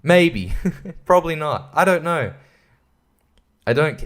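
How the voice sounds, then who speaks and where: A man's voice: on the high side, animated, a little slow, long pauses, fairly bright tone. Profane, rambling man ranting about a film. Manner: stumbles and laughs between thoughts. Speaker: podcast host. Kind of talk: casual film review rant.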